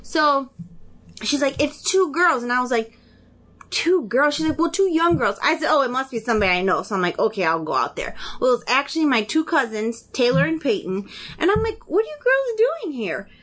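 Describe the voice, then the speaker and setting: Lively woman telling a story, high voice. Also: fairly quick. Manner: animated storyteller, acts out quoted dialogue. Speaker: podcast co-host. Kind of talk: casual chat.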